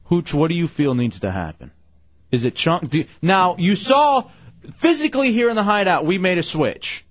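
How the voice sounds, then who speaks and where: A man hosting a live radio talk show, calmly trying to referee an argument. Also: high-pitched, moderate pace, dry recording, dull audio.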